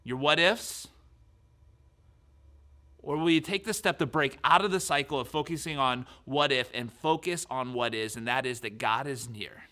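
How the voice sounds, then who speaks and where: A man in his thirties preaching a sermon as pastor, lively, then dropping his voice to near whispers. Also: mid-range voice, normal speed. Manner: animated preaching that drops to soft whispers.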